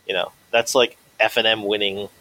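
A man's voice: fairly low pitch, level tone, normal speed, bright, forceful tone, low-quality recording. A young man co-hosting a casual podcast, with dry, joking remarks. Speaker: podcast co-host. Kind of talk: casual chat.

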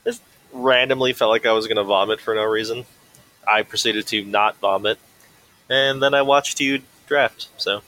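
A man's voice: fairly low pitch, steady tone, normal speed, pushed and bright, no echo, poor audio. Dry-joking male podcast co-host. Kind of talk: casual chat.

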